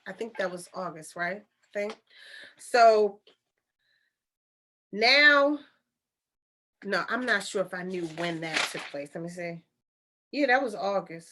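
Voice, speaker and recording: A woman's voice: mid-range voice, bright, forceful tone. A woman retelling a story in a casual monologue, chatty and incredulous, with rhetorical questions and informal speech. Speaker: channeler and storyteller.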